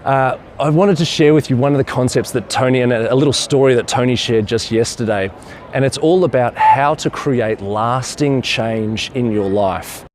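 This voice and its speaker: A man's voice: medium pitch, normal speed. A man vlogging outdoors and telling a story in an enthusiastic, rambling way. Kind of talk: casual storytelling to camera.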